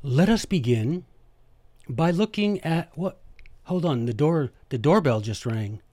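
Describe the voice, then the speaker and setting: A man teaches history with playful, emphatic delivery and quick joking asides. His voice sits a bit above the usual male range, and he speaks close to the microphone. The recording is dry and close, with no room sound. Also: on the high side, animated, darkish tone, no room sound. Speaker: host. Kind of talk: jokey history lesson.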